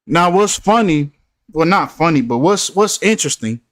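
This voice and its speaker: A man's voice: a little high, expressive, moderate pace, no echo, studio quality. A man hosting a casual commentary, preachy in tone and repeating himself for emphasis. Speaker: host.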